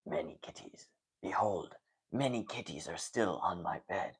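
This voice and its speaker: A man putting on a hushed, solemn nature documentary narrator in a whispered role-play. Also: sits low, expressive, a little slow, breathy edge, voice pushed down, heavily acted.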